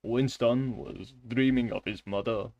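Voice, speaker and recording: A man putting on a Russian accent to read a book in a deep, sullen, slow voice. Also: fairly even intonation, gravelly, a little mellow, muffled recording. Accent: put-on Russian.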